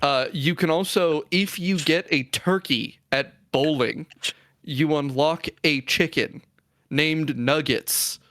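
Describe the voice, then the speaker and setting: Male podcast co-host, fairly high voice, dry close sound, animated. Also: slow pace, no room sound. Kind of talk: casual gaming chat.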